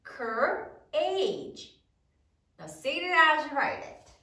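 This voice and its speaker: Lively high-voiced woman teaching spelling. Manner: slow, lively sing-song teacher cadence, spelling out sounds. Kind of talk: spelling lesson dictation. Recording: roomy echo, voice a bit far from mic.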